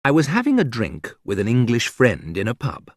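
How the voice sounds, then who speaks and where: A man reading a humorous graded reader aloud in a wry, deliberate storytelling manner, with a sudden lift in pitch for quoted remarks. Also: huge pitch swings, dry recording, clean studio sound. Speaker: audiobook narrator.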